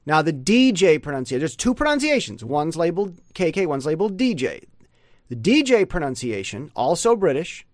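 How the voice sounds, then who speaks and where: A man giving a casual pronunciation lesson, rambling and sounding out words slowly. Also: fairly high pitch, sing-song, no room sound, clean studio sound. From United States. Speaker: pronunciation teacher.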